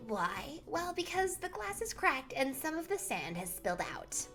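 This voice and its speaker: A woman performs a full character voice for a perky, cheeky young sidekick from a game, teasing and upbeat, pitched above her own natural voice. It's high and very animated, at a moderate pace, with a fairly bright tone and soft background music.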